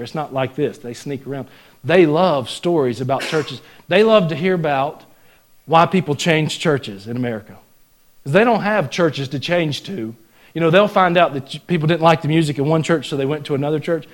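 High-voiced Southern preacher, folksy and exhorting. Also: male voice. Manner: folksy, joking and exhorting, swings from loud to hushed. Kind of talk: sermon. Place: church sanctuary.

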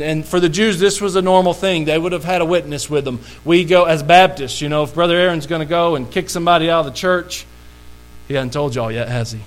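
A man's voice: a little high, a bit bright, rough recording. Folksy preacher man. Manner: folksy, humorous, talks straight to the congregation. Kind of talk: storytelling sermon.

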